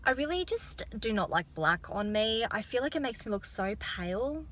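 A young Australian woman in her twenties vlogging casually about her day, chatty and excitable with lots of filler words. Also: a little high, normal speed, a little hiss or hum. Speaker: beauty vlogger. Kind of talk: casual vlog chat. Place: in a car, then indoors at home.

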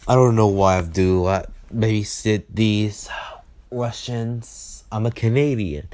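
A man voicing a policeman in an amateur cartoon, halting and full of pauses and fillers. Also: on the low side, darkish tone, no room sound. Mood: hesitant. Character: police man looking after guests. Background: music.

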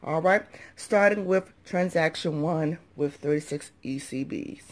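A woman's voice: low-pitched, unhurried. A woman with a groggy early-morning voice, chatting to viewers in a casual haul vlog as a couponing vlogger and parent of young children. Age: adult parent of young children. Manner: chatty, addresses viewers as y'all and subbies.

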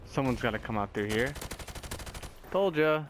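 A man's voice: mid-range voice, expressive, normal speed, slight background noise. A young man giving casual gameplay commentary as a gaming YouTuber, swearing and whooping at his kills.

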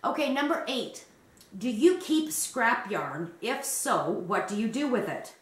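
A woman's voice: a little high, very animated, measured pace. Chatty woman in an echoey room. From Canada. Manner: rambling, chatty, laughs often. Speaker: crochet channel host. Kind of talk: casual chat. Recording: roomy, distant mic.

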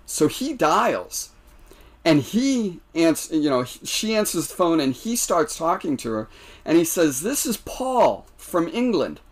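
An American man telling stories on a podcast, animated and laughing, with many restarts. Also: on the high side, measured pace. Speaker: podcast guest. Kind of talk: casual storytelling.

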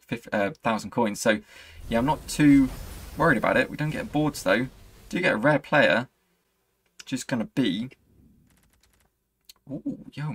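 A young man with a lowish, creaky, slightly rough voice commentates live on his own football video game match, swinging between hype and frustration. He hosts a gaming channel, and the recording is dry.

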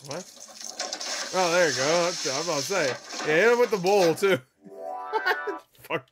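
A woman hosting a meme reaction video, cursing freely, laughing loudly and yelling back at the clips. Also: fairly low pitch, normal speed, music in the background. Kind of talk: casual meme reaction commentary.

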